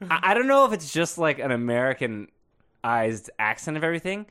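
A man's voice: fairly high pitch, sing-song, a little fast, fairly bright tone, clean tone. A man co-hosting a podcast in casual chat, telling joking stories and laughing often. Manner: jokey storyteller, laughs often. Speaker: podcast co-host.

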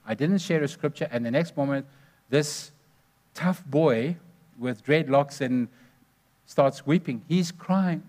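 A man's voice: a little high, takes it slowly, mellow. A man preaching a sermon, telling stories earnestly and stressing numbered points.

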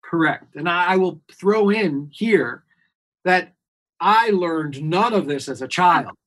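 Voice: medium pitch, expressive, slow, fairly bright tone. A clinician guest in an interview, explaining earnestly and emphatically and repeating key points. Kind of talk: expert explaining on a podcast interview.

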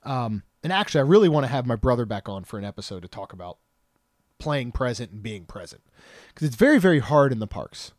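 A man's voice: mid-range voice, very animated, fast, no echo, studio quality. A man in his thirties co-hosting a podcast, chatting casually and joking, rambling with frequent restarts. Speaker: podcast co-host.

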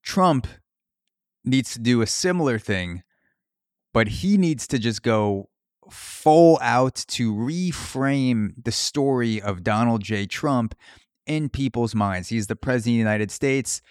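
A man's voice: medium pitch, lively intonation, slow pace, no room sound. A man riffing through a profane comedic monologue as a podcast host. His voice sits in a middle register, and the sound is dry and close to the mic.

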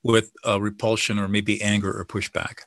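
A man with a bright, forceful voice lays out his methods in a confident, teaching manner. The sound is dry and close, with no room around it. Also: fairly low pitch, level tone, normal speed, creaky, no room sound. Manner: confident, teaching, acts out sample dialogue. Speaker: guest expert on listening and de-escalation. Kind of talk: explanatory interview talk.

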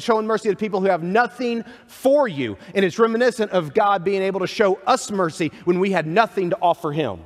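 Guy preaching a sermon, chatty asides, kinda high voice, big hall echo. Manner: conversational preaching with scripture reading and asides. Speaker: pastor. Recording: long hall reverb.

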